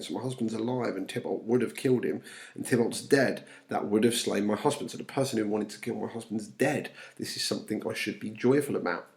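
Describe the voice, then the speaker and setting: A man's voice: lowish voice, creaky, a little mellow. A man teaching a class, reading quoted verse aloud and then paraphrasing it in plain words. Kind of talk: explaining a play line by line.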